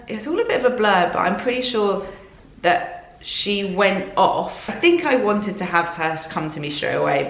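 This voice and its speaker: A young woman telling her story to camera in an animated, chatty way, with many fillers. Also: fairly low pitch, echoey room. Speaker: vlogger.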